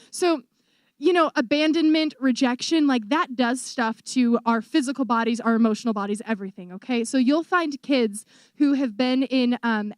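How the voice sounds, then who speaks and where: A young woman in her twenties who is a missionary, giving an animated testimony to a church audience and acting out the voices she quotes. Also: on the high side, no room sound, clean studio sound. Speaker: missionary speaker.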